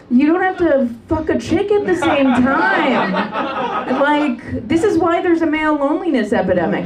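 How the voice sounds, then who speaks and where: Young woman doing stand-up, brash and deadpan, high voice, mic a bit far off, crowd laughing in the club. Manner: deadpan, brash, sharp punchlines. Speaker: stand-up comedian. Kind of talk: stand-up comedy set. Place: comedy club stage with live audience. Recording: distant live club recording with crowd.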